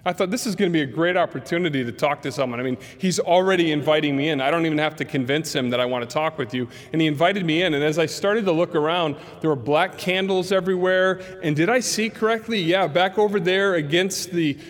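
Storytelling pastor in an echoing hall. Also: male voice, fairly high pitch, quick pace, few pauses. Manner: animated storyteller acting out quotes. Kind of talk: sermon storytelling. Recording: long hall reverb.

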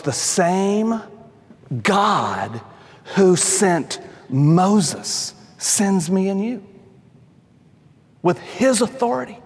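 A man preaching a sermon, talking emphatically to his listeners, calling them folks and dropping his voice low for stress. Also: a little mellow, husky, long reverb tail.

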